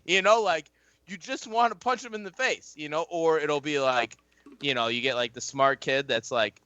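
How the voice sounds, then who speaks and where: A man and former football player chatting casually as a podcast guest, rambling and swearing freely as he tells animated stories. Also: a little high, moderate pace, no echo, dull audio. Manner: rambling, profane, animated storytelling. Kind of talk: casual chat.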